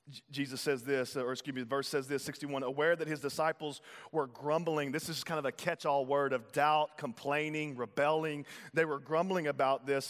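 Male pastor, chatty sermon delivery, slightly high voice, reverberant sanctuary. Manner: conversational preaching with playful asides and acted-out voices. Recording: long hall reverb.

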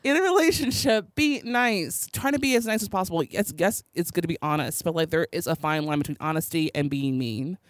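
A woman's voice: low-pitched, fast, few pauses, no room sound, clean studio sound. A young woman co-hosting a podcast, chatting casually with lots of "like" and some swearing. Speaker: podcast co-host. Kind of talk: casual chat recapping a TV show.

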